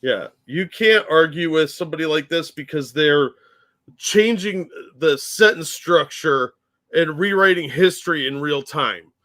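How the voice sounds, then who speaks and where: A man's voice: on the high side, unhurried, a bit bright. A man co-hosting a live political reaction stream, bantering in a dry, easygoing way. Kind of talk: casual live reaction chat.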